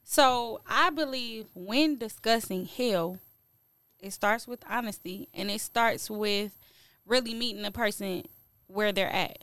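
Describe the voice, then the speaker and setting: A woman's voice: medium pitch, measured pace, fairly bright tone, smooth, dry recording. A woman speaking as a guest in a casual faith discussion, earnest and frank, with light laughs mid-sentence. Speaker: podcast guest.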